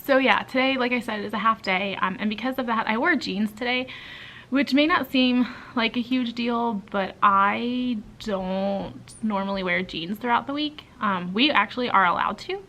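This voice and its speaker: A young woman teacher vlogs inside a school building, sounding tired and chatty, with frequent ums and likes. Her voice is fairly high, pushed and bright at a moderate pace, captured on poor audio.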